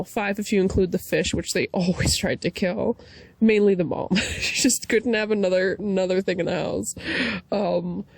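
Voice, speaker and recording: A woman vlogger ranting casually to camera, animated and profane, with frequent laughing asides. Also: medium pitch, gravelly, breathy edge, no echo.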